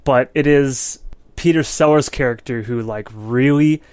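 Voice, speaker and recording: A man co-hosting a movie podcast, chatting at an ordinary middle pitch. He rambles through his points, leaning on filler words. The recording is close and dry. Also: unhurried, darkish tone, clear, resonant tone, no echo. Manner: rambling, heavy use of "like" and "you know". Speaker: podcast co-host. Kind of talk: casual film review chat.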